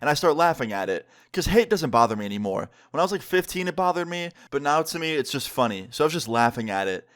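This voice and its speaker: A man's voice: on the high side, big pitch swings, fairly bright tone. A young man, a YouTuber, telling a casual storytime with slang and lots of "like". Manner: slangy, fast, full of "like".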